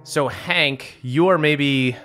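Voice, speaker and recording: A man narrating as game master of a tabletop role-playing game, relaxed and descriptive with frequent fillers. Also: a little high, slow. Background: soft background music.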